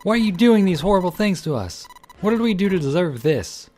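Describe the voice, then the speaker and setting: A man voicing a terrified young woman in a game reading, shrieking in falsetto and then speaking in a trembling hush. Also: level tone, normal speed, faint music behind. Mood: hysterical screaming.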